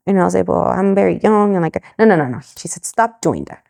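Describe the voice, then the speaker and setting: Talking fast in a medium-pitched voice with vocal fry, this middle-aged woman from Mexico tells a story as a podcast guest. She animatedly performs the quoted dialogue of the people involved in this storytelling interview.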